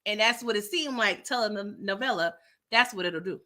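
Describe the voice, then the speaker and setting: Chatty animated woman, bright voice. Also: medium pitch, brisk. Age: middle-aged. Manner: chatty and animated, laughs often, talks straight to the viewers. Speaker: livestream host reading viewer chat. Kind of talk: casual chat.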